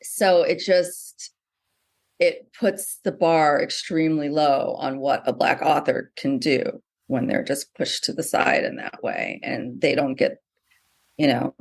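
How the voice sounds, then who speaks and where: In a conversational interview, a middle-aged woman novelist talks animatedly, full of fillers and restarts. Her voice is deep, bass-like and creaky, with a slightly mellow quality.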